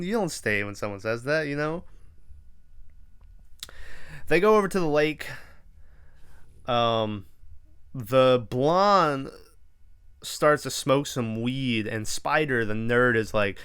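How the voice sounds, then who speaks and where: A man's voice: medium pitch, animated, slow pace, long pauses, a bit bright, smooth. A young man hosting a podcast, casually recapping a horror movie in a rambling, profane way and acting out the characters' lines. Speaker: podcast host.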